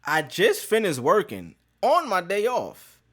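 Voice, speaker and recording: A man's voice: sits high, huge pitch swings, unhurried, fairly bright tone. A man hosting a podcast, telling a story in casual street slang with plenty of profanity. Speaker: podcast host.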